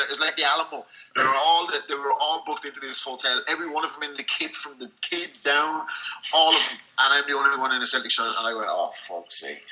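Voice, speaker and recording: Bright, fast-talking Irish man. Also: on the high side, rough recording. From Ireland. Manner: blunt, sweary, animated storyteller. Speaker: guest musician. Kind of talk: casual podcast chat. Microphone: iPhone call.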